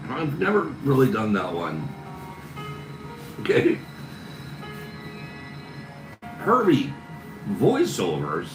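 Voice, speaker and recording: This time his voice is fairly low, swinging hugely in pitch as he speaks extremely slowly and pauses often. Reading viewers' comments on his casual stream, he laughs nonstop in a giggly, teasing way. A phone camera records him in an echoey room with background music.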